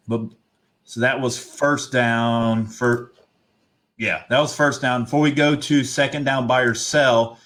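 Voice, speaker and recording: A man co-hosting a casual sports talk show, opinionated and rambling. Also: medium pitch. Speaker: podcast co-host.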